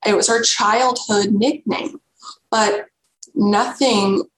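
A woman's voice: medium pitch, steady tone, a bit bright. Earnest woman telling a story in an echoey room. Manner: earnest, halting, many restarts. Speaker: podcast guest. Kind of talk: personal storytelling. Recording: roomy echo, faint noise.

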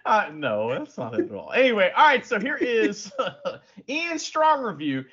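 Lively, high-pitched man in podcast banter. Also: a little slow, slightly rough. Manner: animated, laughs often. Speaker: podcast co-host. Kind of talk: casual wrestling podcast chat. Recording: muffled lo-fi podcast audio.

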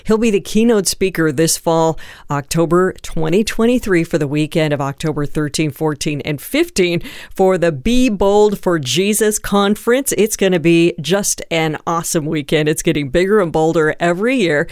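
A woman radio host in a studio, with a smooth, crisp voice and very dry close sound. She is upbeat and enthusiastic, gushing warmly over her guest. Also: lowish voice, normal speed, no room sound. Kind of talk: radio interview.

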